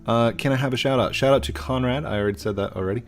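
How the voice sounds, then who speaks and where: A man's voice: mid-range voice, racing, vocal fry. A middle-aged man hosting a casual live stream, reading viewer questions aloud in a chatty, goofy way and stumbling over usernames. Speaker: game streamer. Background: faint guitar music.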